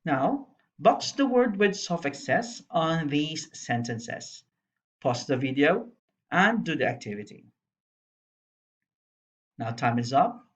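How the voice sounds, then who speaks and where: Female primary teacher, unhurried and patient, recorded lesson narration with a slightly muffled sound. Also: low voice, very animated. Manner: slow, spells letters out, explains patiently. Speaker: primary school English teacher. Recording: dull lo-fi voice-over.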